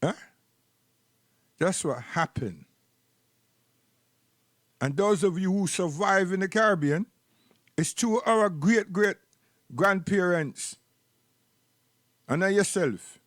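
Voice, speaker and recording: Jamaican man, rambling live-stream host, raised pitch, preachy, repeats words, dry sound. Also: animated, slow pace, long pauses, a bit bright, no echo.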